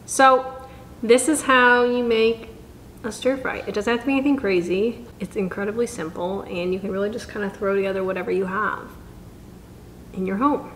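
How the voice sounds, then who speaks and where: A woman dietitian chatting casually through a home cooking vlog, self-deprecating and quick to laugh. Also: medium pitch, steady tone, a bit bright, roomy sound, a little hiss or hum. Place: home kitchen.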